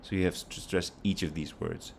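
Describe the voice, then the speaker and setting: Male language teacher, very low pitch, patient and explanatory, models phrases slowly. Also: steady tone, slight background noise. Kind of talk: pronunciation lesson.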